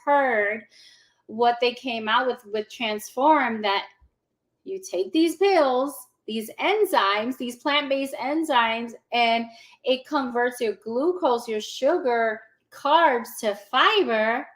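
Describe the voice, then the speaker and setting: A woman in her forties, a guest in a casual interview, telling her story in an animated way, laughing often and acting out what people said. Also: fairly high pitch, slow pace. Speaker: guest giving a testimonial.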